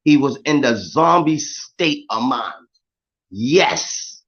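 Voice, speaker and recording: A man in casual chat, telling stories in an animated, emphatic way. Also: mid-range voice, slow. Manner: animated, emphatic street storytelling. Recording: dull lo-fi sound.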